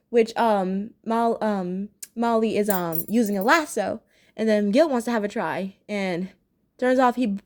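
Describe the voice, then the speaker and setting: A woman's voice: medium pitch, darkish tone. A young adult woman casually reviewing a cartoon episode, chatty and giggly with many ums and restarts. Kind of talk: casual chat.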